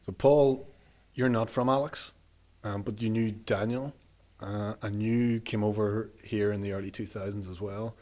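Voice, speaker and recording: A male interviewer with a lowish voice asks friendly questions and sometimes hesitates. The talk is relaxed and conversational. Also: unhurried, few pauses.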